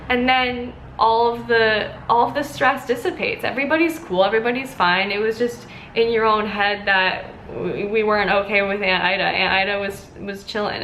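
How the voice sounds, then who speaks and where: A woman's voice: mid-range voice, a bit bright, reverberant, a little hiss or hum, poor audio. A woman dietitian giving an earnest motivational talk about mindset, stressing words by saying them twice and using many fillers. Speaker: dietitian and wellness coach. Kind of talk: motivational self-help talk to camera.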